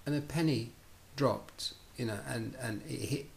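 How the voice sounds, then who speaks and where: Animated man telling a story. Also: medium pitch, a little slow, creaky. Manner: animated, acts out both sides of dialogues, lots of restarts. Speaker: speaker telling his life story. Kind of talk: personal storytelling talk.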